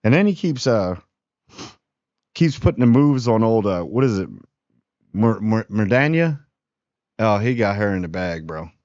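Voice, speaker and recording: A man's voice: on the low side, sing-song, unhurried, pauses often, darkish tone, no echo, highs cut off. A man giving a rambling, slangy, laid-back spoiler review of a TV episode. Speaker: TV show reviewer.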